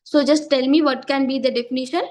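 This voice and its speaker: A woman teaching a chemistry lesson, repeating herself and often checking understanding, losing her voice and clearing her throat. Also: high-pitched, fairly even intonation, fast talker, a little mellow. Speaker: chemistry tutor. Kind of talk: online class teaching.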